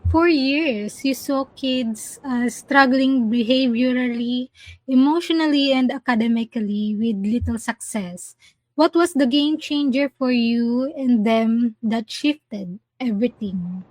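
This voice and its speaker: A woman hosting a podcast who asks her guest a slow, deliberate interview question. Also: fairly high pitch, no echo, poor audio. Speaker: podcast host.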